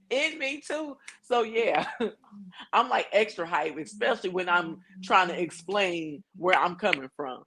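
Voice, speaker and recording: A woman's voice: lowish voice, expressive, a little slow, background noise. A woman guest on a laid-back podcast. She speaks emphatically and relatably, and laughter comes easily to her. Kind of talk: casual conversational podcast.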